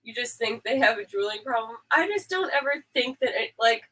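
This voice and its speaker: A woman's voice: on the high side, expressive, fairly quick, fairly bright tone, rough recording. A woman chatting casually, playful and sarcastic, calling herself a little too spazzy. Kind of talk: casual chat.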